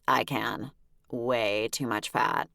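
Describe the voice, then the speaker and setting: Brief: woman doing teasing gossipy girlfriend, sing-song, low dry voice. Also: fairly even intonation, slow pace, creaky, a bit bright, no echo, heavily acted. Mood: blunt.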